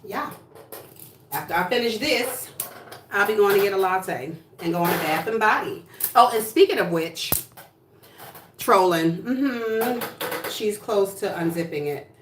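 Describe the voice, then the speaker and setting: A woman's voice: medium pitch, lively intonation, a little slow, pauses often, background noise. Sassy, blunt woman livestreaming from a distance. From New Jersey. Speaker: livestream host. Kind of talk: casual livestream chat. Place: home room, indoors. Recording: echoey room, voice from off-mic.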